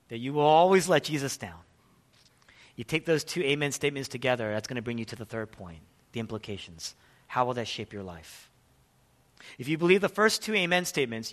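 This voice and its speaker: A male pastor preaching a sermon, emphatic, asking questions and answering them, and swinging from loud passages to hushed ones. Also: mid-range voice. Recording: long reverb of a large hall.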